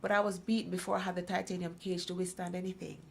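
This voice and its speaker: Low gravelly middle-aged woman. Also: little pitch movement, fast, slight background noise. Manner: emphatic storytelling, acts out others' voices. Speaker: guest speaker. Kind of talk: personal testimony in a talk program.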